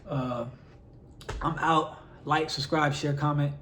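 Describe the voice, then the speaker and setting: A man's voice: on the high side, steady tone, slow pace, a bit bright, a little hiss or hum. A man vlogging straight to his followers, exasperated and firing off rhetorical questions with lots of "like" fillers. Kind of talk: direct-to-camera vlog rant.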